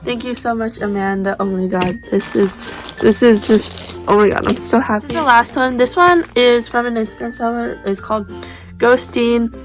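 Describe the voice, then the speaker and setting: Excitable young woman unboxing squishies. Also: fairly high pitch, normal speed, faint music behind. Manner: excitable, gushing, breathless gasps. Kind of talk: casual unboxing chat.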